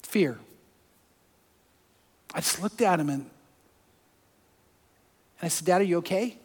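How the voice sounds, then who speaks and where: A pastor preaching a sermon, telling personal stories that move from hushed to fervent. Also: male voice, high voice, expressive, takes it slowly, breathy edge, big-room sound.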